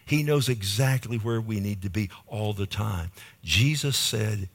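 A lower-voiced man preaches with passion, repeating phrases in a steady rhythm and calling out to his listeners. He drops into hushed, low lines, then comes back hard with loud emphasis. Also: unhurried. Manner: impassioned, rhythmic repetition with calls to the congregation. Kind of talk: sermon.

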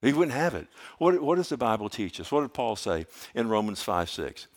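A middle-aged man preaching a sermon as a pastor, swinging from loud urgency to hushed storytelling and repeating phrases for emphasis. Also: medium pitch, very animated, normal speed. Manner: repeats phrases, with filler restarts.

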